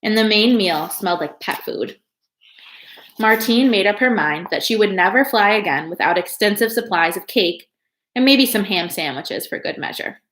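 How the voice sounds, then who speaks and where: A woman reading a children's novel aloud, in a calm and steady storytelling manner. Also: medium pitch, moderate pace. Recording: echoey room.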